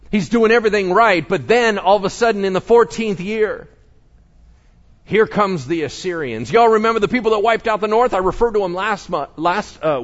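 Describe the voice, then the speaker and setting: Lively preacher guy, casual and funny, pitch all over, dull lo-fi sound. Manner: energetic, conversational, humorous. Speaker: pastor. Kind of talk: sermon.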